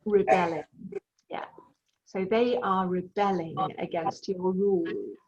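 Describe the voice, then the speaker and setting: A woman's voice: mid-range voice, steady tone, slow, darkish tone. A woman teaching an online English class, patiently explaining vocabulary with examples. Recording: dull lo-fi sound.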